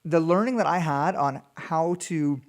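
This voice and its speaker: Gravelly man telling a story. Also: on the high side, a little slow. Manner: animated and chatty, with small laughs and restarts. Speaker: podcast host. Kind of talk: casual storytelling.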